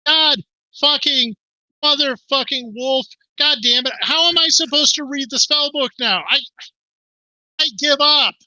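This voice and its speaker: A man's voice: very high voice, a little slow, pushed and bright, no echo, voice pushed up, exaggerated voice, poor audio. A man voicing a furious male fox who curses and gives up in a sputtering rant.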